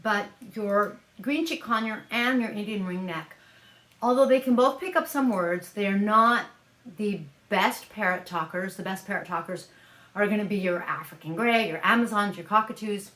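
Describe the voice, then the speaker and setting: Woman, vlog host, chatty and musing, mid pitch, roomy echo. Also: normal speed, a bit bright. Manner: chatty, musing, thinks aloud with hedges. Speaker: parrot-keeping vlogger. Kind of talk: casual explainer vlog. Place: at home, handling a parrot. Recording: echoey room.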